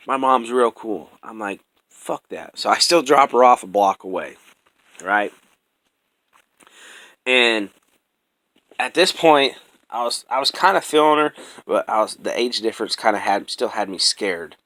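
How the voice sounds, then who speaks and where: A man's voice: fairly low pitch, expressive, a little slow, pauses often, bright, forceful tone, dry recording, low-quality recording. A young man telling his own life story in casual chat, rambling and profane with many restarts, earnest and close to emotion.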